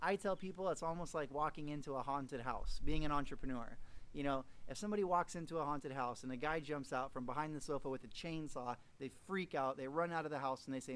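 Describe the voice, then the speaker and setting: This is a man in middle age delivering a motivational training talk. His voice sits a little higher than most men's. He keeps the energy up and speaks in a folksy way, breaking into short acted-out bits of dialogue. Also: a little fast, fairly bright tone. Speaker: network marketing trainer.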